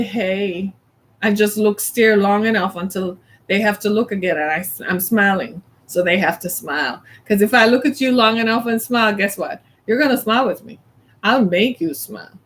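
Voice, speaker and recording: A middle-aged woman from the American South, chatting casually as a host, animated and laughing often as she plays out little scenes. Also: medium pitch, normal speed. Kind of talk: casual chat.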